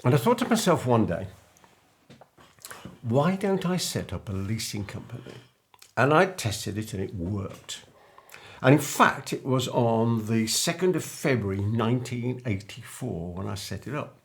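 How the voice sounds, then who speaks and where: A man's voice: mid-range voice, sing-song, a little slow. An older man, a business coach, telling an anecdote to camera and acting out remembered dialogue. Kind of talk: storytelling monologue to camera.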